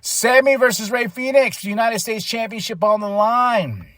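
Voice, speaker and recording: A man hosting a podcast, recapping a wrestling show in a casual, excitable way and laughing often. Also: extremely high pitch, normal speed, dry recording. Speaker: podcast host.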